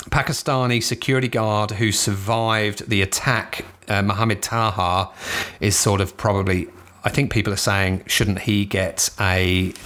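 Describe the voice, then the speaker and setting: A man's voice: fairly low pitch, fairly bright tone. A middle-aged man from England with a southeast London accent, giving casual, profane commentary as he flips through newspapers and rants at the stories. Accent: southeast London English. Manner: profane, ranting, dismissive.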